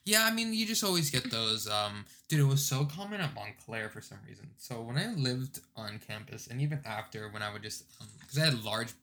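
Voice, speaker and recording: A man's voice: medium pitch, expressive, a little fast, hardly any pauses, sharp tone. A young man chatting casually in a laid-back way, telling stories with slang asides. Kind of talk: casual chat.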